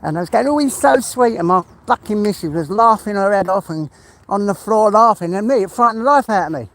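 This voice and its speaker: Chatty man, fairly high voice. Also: fast, a bit bright. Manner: chatty, swears freely, laughs often. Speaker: livestream host. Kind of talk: casual live chat while walking. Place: outdoors on a walk.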